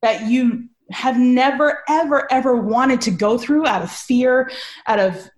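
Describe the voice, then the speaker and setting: A woman guest telling an emotional story on a video-call podcast, animated, laughing often and swearing freely. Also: high-pitched, measured pace, muffled recording.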